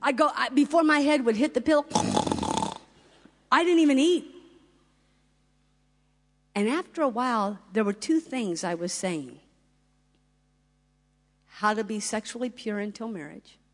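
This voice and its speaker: A middle-aged woman giving a fervent sermon-style testimony, building to loud rising climaxes and acting out dialogue. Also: mid-range voice, moderate pace, pauses often. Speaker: ministry founder and speaker. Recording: long hall reverb.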